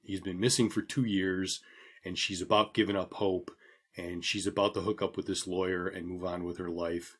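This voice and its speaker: A man co-hosting a gaming podcast, talking casually and rambling with frequent pauses and ums. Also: sits low. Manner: relaxed, rambling with many ums. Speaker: podcast co-host. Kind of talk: casual chat.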